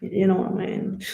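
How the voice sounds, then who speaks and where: Swearing freely and answering viewer comments, a Spanish-accented woman boxer, Spanish being her first language, chats loosely on a casual live stream. Her tone is warm, and the rough recording sounds reverberant.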